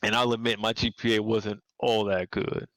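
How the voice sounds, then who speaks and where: A man's voice: on the low side, little pitch movement, moderate pace, a bit bright, dry recording, low-quality recording. A man, a game designer as the guest in a casual interview, rambling, repeating words and laughing often. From New York City.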